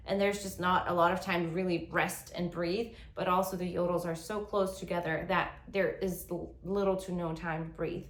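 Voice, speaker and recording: A woman's voice: fairly low pitch, a bit bright. A woman giving an online yodeling lesson who explains step by step and stops to demonstrate. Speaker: yodeling teacher. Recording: roomy echo.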